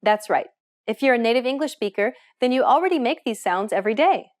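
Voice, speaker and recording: A woman's voice: a little high, animated, quick pace. A woman hosting a language lesson, giving scripted, encouraging explanations in an upbeat way.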